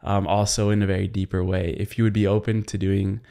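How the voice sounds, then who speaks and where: A young man hosting an interview, asking measured questions with some hesitation. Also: low-pitched, flat delivery, gravelly, warm tone. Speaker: podcast host.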